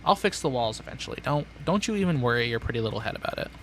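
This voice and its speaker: Brief: young male streamer, bright tone, rambling sardonic monologue over gameplay. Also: mid-range voice, lively intonation, very fast, slight background noise. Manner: rambling, sardonic, talks to himself. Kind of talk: casual gameplay chatter.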